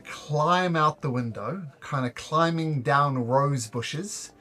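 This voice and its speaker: A man's voice: on the high side, slow, bright, forceful tone, soft background music. A man narrating a tabletop game as game master, in a loose, jokey way.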